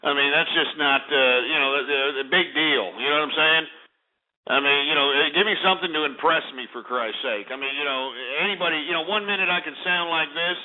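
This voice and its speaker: A man's voice: fairly high pitch, a little fast. A man hosting a call-in radio show, brash, profane and mocking toward callers. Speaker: radio talk show host. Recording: phone-like lo-fi radio with faint music.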